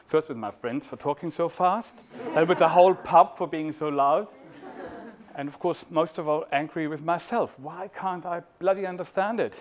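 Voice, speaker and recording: A man's voice: fairly high pitch, normal speed. A man in his fifties from Germany with a German accent, telling stories in a playful talk to an audience. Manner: playful, warm storyteller, sings snippets. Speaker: speaker at a talk. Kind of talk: storytelling talk.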